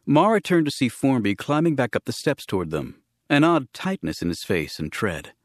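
A man narrating a novel in a steady, even storytelling manner as a scripted audiobook reading. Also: mid-range voice, normal speed, no room sound, studio quality.

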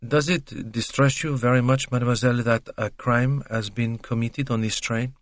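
A man voicing a shrewd, probing older male detective who questions slowly and deliberately. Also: mid-range voice, steady tone, dry recording, voice pushed up, close to an everyday voice.

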